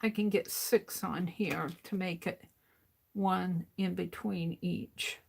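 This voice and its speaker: An older woman hosting an art livestream, chatting casually to herself as she works and counting items out loud. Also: fairly low pitch, fairly even intonation, vocal fry, husky. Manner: unhurried, talks to herself while working, counts items aloud. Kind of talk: casual crafting livestream chat.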